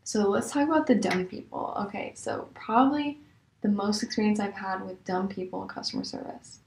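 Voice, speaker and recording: A young woman vlogger telling casual stories about rude customers, animated and exasperated, her voice jumping high in disbelief. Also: fairly quick, gravelly, a little hiss or hum. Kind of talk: casual storytelling. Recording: echoey room.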